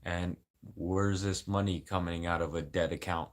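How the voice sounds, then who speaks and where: A man's voice: deep voice, steady tone, normal speed. A man, crying and venting in an angry, profane, rambling livestream rant. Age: 40s.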